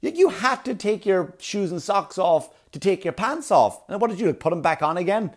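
A man performing a rambling stand-up comedy routine, full of filler words and quick asides. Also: high voice, sing-song. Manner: rambling, filler-heavy delivery with sudden breathy put-on voices.

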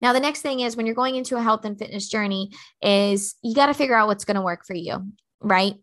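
A woman's voice: on the high side, a little fast, fairly bright tone. A woman in her thirties hosting a motivational podcast, talking bluntly and emphatically with lots of fillers. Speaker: podcast host.

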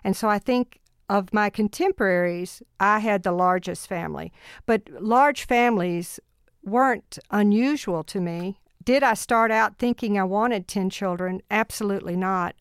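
A woman in her sixties, a mother of ten, telling family stories in an earnest, animated way with laughs along the way. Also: mid-range voice, moderate pace, clear, resonant tone, no echo, studio quality. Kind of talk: personal storytelling in an interview.

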